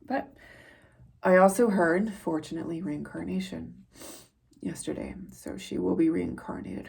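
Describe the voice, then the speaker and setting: A woman reads tarot for her viewers in a low, gravelly voice with a husky edge. Her tone is dark and mellow. She talks earnestly and rambles, preaching like a spiritual teacher. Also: unhurried. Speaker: psychic tarot reader.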